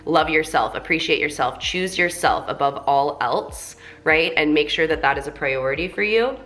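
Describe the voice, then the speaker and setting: A woman's voice: sits low, moderate pace, a bit bright, faint music behind. A young woman with a congested voice, reading tarot cards in a chatty, encouraging way full of fillers. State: congested from a cold. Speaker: tarot reader.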